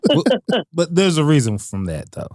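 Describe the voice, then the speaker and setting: A man's voice: a little high, very animated, normal speed, a little mellow, no room sound, clean studio sound. A man co-hosting a casual comedy podcast, adding short, laid-back remarks. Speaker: podcast co-host.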